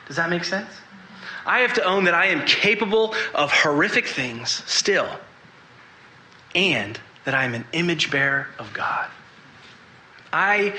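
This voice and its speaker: A man preaching a sermon to a congregation, earnest and confessional, pausing to ask them questions. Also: fairly high pitch, bright, forceful tone, reverberant, rough recording.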